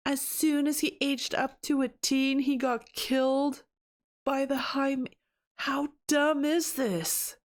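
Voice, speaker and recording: A woman with a slightly high voice talks through her gameplay in a relaxed, chatty way. She narrates as she goes and reacts out loud with surprise and sympathy. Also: unhurried. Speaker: gameplay commentator. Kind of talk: casual gameplay commentary.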